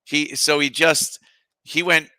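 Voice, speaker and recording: A man's voice: fairly high pitch, takes it slowly, clear, resonant tone, no room sound. A middle-aged man chatting casually as a podcast guest, telling stories with lots of fillers and imitating other people. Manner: animated storyteller, mimics others, frequent fillers. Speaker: podcast guest, radio host. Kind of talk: casual chat.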